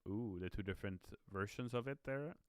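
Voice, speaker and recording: Into a streaming mic, a yawning, weary game community manager reads out viewer comments in an upbeat live-stream chat. He speaks a little fast in a fairly low voice, with studio-quality audio and no room sound.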